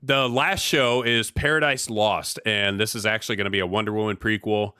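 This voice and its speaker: A man's voice: fairly low pitch, fairly even intonation, a little fast, sharp tone, clean tone, dry recording. Midwest guy hosting a podcast, laid back and slangy, dry close mic sound. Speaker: podcast host. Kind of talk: casual chat.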